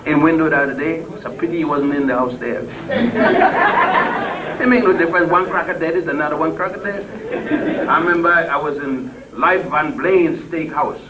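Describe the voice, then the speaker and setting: An older man giving an impassioned speech to a crowd, blunt and salty. He swings between loud peaks and low murmurs and chuckles as he tells stories. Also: sing-song, normal speed. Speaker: public speaker. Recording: distant mic with faint background noise.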